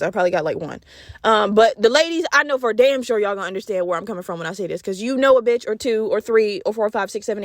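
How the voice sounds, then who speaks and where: Young woman rambling on her podcast, quick and cussing, dry close sound. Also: mid-range voice, no room sound. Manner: blunt, profane and animated, with slang. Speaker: podcast host. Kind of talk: casual solo podcast storytelling.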